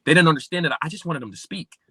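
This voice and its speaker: A man from Pennsylvania, a podcast guest telling his life story and acting out remembered dialogue with big swings in pitch. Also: lively intonation, racing, a bit bright, husky, dry recording. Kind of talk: personal storytelling in an interview.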